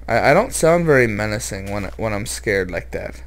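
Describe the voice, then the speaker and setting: A man's voice: fairly low pitch, expressive, moderate pace, fairly bright tone. A man commenting on his own game as he plays, rambling, joking and sounding a little nervous. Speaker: let's play host. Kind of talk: gameplay commentary.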